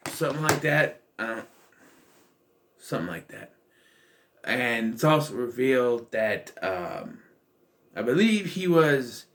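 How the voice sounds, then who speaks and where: Male film vlogger, mid-pitched, casual and rambling, dry sarcastic asides. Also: a bit bright. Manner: rambling, with many fillers and restarts; wry, sarcastic. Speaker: movie reviewer. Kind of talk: casual spoken film review.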